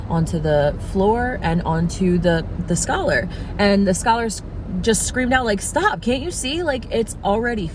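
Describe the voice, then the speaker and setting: A young woman vlogger in casual reflective chat, talking in an earnest, musing way and stretching words out for emphasis. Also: fairly low pitch. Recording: noisy background.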